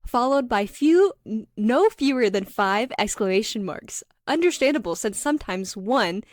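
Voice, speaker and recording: A woman's voice: on the high side, expressive, moderate pace, dry recording, lightly acted. Casting note: woman doing a teasing British teacher, mock-formal and prim. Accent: British, put on. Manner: dry, mocking formality.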